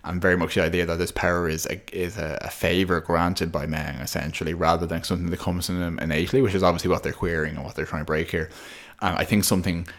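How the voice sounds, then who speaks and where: A man with a very deep voice co-hosts a podcast in a casual but analytical way. He talks at length and loops back over his own half-finished phrases as he thinks aloud. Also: fairly even intonation, quick pace, hardly any pauses, fairly bright tone. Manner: talkative, thoughtful, many restarts. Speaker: podcast co-host.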